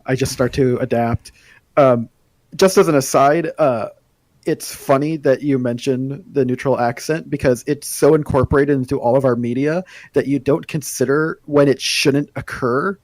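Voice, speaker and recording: A man's voice: mid-range voice, normal speed, no echo, low-quality recording. A man from Washington State with a neutral American accent, reasoning steadily in a casual podcast chat. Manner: steady reasoning, many "I mean"s. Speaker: podcast co-host.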